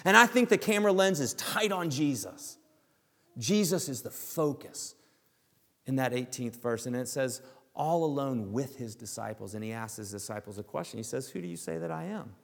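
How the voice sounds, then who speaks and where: A man preaching a sermon, emphatic, slowing and dropping to a hush on key words. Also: mid-range voice. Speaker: pastor. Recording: long hall reverb.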